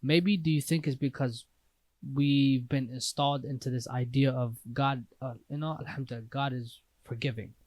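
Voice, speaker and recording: A man's voice: mid-range voice, steady tone, normal speed, a little mellow, no room sound. A man in casual conversation, talking loosely and hesitantly with lots of slang fillers. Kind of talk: casual faith discussion.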